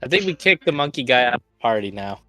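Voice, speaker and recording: A man's voice: mid-range voice, very animated, quick pace, sharp tone, dry recording, soft background music. A man playing in a tabletop game, teasing his fellow players in a dry way. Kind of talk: casual table banter.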